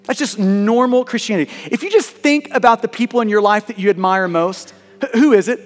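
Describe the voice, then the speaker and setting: A man's voice: high voice, brisk, in a large hall. A man preaching a sermon as a pastor, earnest and emphatic, often repeating words as he presses a point.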